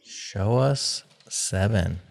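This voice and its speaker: Low, gravelly man hosting a game show. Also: very slow. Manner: playful, wry, reading out survey results.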